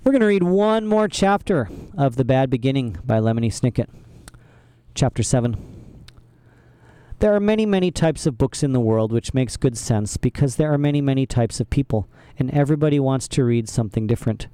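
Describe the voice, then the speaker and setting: A man's voice: medium pitch, fairly quick, smooth, dry recording. Man reading a children's book aloud. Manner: expressive, wry storytelling. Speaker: reader.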